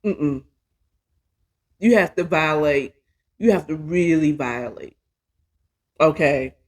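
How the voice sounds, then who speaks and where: A woman hosts her own podcast, telling a personal story in a casual monologue that is candid, profane and chatty, often making fun of herself. Her low-pitched voice has lively intonation and a slow pace.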